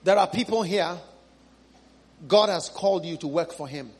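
Here a husky-voiced man preaches with great passion at a moderate speed. Loud, high cries give way to hushed, low appeals as he repeats phrases and pleads with those gathered.

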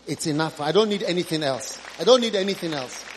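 A man preaching an impassioned sermon, moving from loud, high cries to low, hushed appeals, repeating phrases and pleading with the congregation. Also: animated, quick pace, a faint crowd, a little hiss or hum.

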